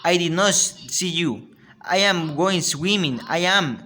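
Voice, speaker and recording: A man's voice: sits high, expressive, measured pace, pushed and bright, pitched above the performer's own voice, exaggerated voice. A man with a Spanish accent, a native Spanish speaker, voicing a scheming clever young boy in a read-aloud storybook. He speaks emphatically and stumbles now and then. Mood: pleading.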